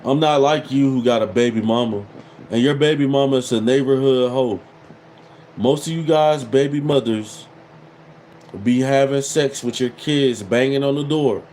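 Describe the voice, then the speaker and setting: A man's voice: medium pitch, moderate pace, a little mellow, slight background noise, poor audio. A man in his thirties hosting a casual livestream, reading viewer comments and mocking them with repeated catchphrases. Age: 30s. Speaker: livestream host.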